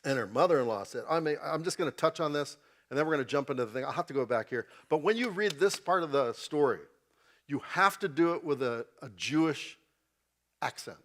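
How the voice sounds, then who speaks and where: A chatty man leads an informal Bible class in a church and keeps checking in with his listeners. His voice sits a touch high for a man. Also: lively intonation, brisk, a bit bright.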